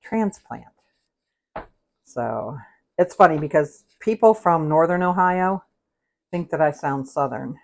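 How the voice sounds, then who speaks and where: A chatty woman with a low voice hosts a casual cooking livestream from her home kitchen. She talks through the recipe with loose, rambling asides and laughs easily. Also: expressive, a little slow, vocal fry. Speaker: cooking show host.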